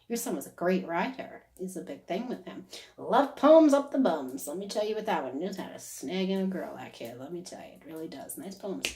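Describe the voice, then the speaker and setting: A woman giving a casual psychic reading who talks on and on and keeps checking "is that correct?". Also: medium pitch. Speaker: psychic medium. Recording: roomy echo.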